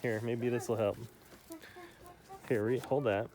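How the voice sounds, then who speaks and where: A man's voice: medium pitch, steady tone, unhurried, crowd noise. A man outdoors reading homework instructions aloud and coaxing a child, stumbling over his words now and then. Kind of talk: playful family vlog. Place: outdoors by home.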